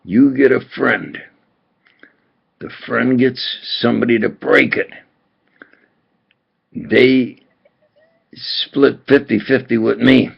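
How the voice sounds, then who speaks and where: Man, slow husky gravelly talker, rambling agitated monologue, dull lo-fi home video sound. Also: medium pitch.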